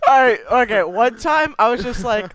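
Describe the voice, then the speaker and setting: A man's voice: very high voice, expressive, normal speed, fairly bright tone. A young man chatting with friends and telling a story, laughing often and mimicking people. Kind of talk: casual chat with friends.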